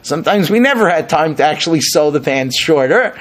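Here a middle-aged rabbi leads a casual Torah class, animatedly performing the sages he quotes with mounting emphasis. The voice is a little high and brisk.

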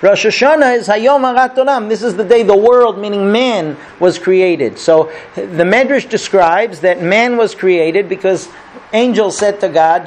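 High-voiced man teaching a chatty lesson. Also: moderate pace, slight background noise. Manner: chatty, checks in with listeners by asking 'okay?' and 'right?'; tells stories and acts out the characters. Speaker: rabbi teaching a class. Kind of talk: conversational Torah lesson.

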